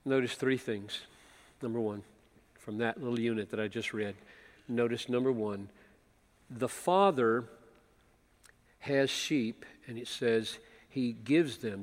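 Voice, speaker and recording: A man preaching an expository sermon, emphatic, with rhetorical questions, often dropping to a hush. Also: mid-range voice. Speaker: pastor. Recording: long reverb of a large hall.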